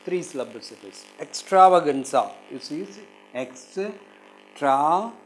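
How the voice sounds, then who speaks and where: A man's voice: fairly high pitch, lively intonation, a little slow, darkish tone, rough recording. A male English teacher with an Indian English accent gives a recorded lesson, saying each word several times and leaning on the stressed syllable. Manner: drills words by repeating them several times, stressing syllables. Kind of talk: recorded exam-prep lesson.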